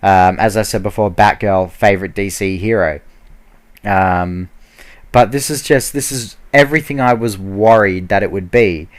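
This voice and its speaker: A man's voice: lowish voice, moderate pace. A man giving a heated, casual ranting review, full of fillers and restarts. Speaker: video blogger.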